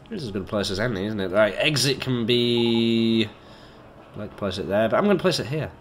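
A man chats his way through a game, joking and swearing as he thinks aloud. His pitch bounces around a lot, and a faint hiss sits under the voice. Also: animated, fairly quick. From Britain. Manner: chatty, joking, swears, talks to himself. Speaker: gamer. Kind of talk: let's play commentary.

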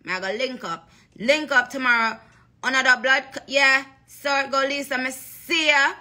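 A woman's voice: sits high, fairly even intonation, moderate pace, bright, forceful tone, voice pushed up. A woman putting on a brash Jamaican patois voice, rattling off rhymes in a bouncy, half-chanted sing-song during a livestream. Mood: brash, playful. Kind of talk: livestream patois lyric recital.

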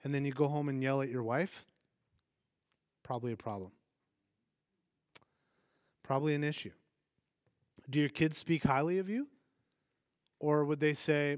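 A man giving a conversational sermon as pastor, animated and putting questions to his congregation, acting out quoted voices. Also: a little high, normal speed, long pauses, no echo, clean studio sound.

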